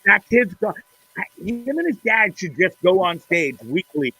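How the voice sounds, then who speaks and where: A man with a high, sharp voice hosts a live online show from his desk, rambling through video clips with plenty of swearing and laughter. His voice sits close and dry on the mic, with no room sound. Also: big pitch swings, a little slow, breathy edge, no echo. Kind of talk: casual commentary on viral videos.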